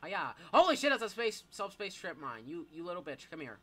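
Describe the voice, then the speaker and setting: A teenage boy giving live gameplay commentary, excitable, yelping and swearing as things happen. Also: high voice, a little fast. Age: teens. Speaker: gamer.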